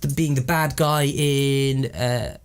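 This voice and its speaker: A man's voice: mid-range voice, steady tone, slow pace, clear, resonant tone. A man co-hosting a podcast in casual chat, rambling with hesitant restarts and some swearing. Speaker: podcast co-host.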